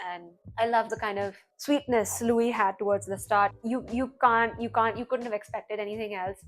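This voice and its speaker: Chatty woman recapping a TV episode. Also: medium pitch. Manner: chatty, heavy on "like" and "you know", animated retelling. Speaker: TV reaction channel host. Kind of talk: casual recap commentary.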